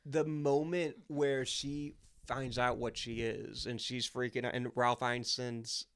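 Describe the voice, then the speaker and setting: A man's voice: medium pitch, little pitch movement, fairly bright tone, clean tone. A man co-hosting a podcast, chatting casually and emphatically about a film, often restarting his sentences. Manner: enthusiastic, emphatic, with quick restarts. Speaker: podcast co-host. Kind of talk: casual movie chat.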